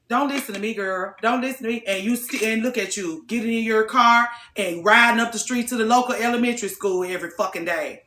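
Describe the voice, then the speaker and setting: Bright, blunt woman ranting in an echoey room. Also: on the high side, a little fast, few pauses, a little hiss or hum. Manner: blunt, profane, preachy, swings into shouting. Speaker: vlogger. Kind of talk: casual vlog rant.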